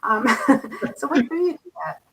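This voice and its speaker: A woman's voice: high voice, expressive, unhurried, a crowd in the background. A woman moderating a talk and reading out viewer questions, with hesitant fillers between them. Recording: distant mic.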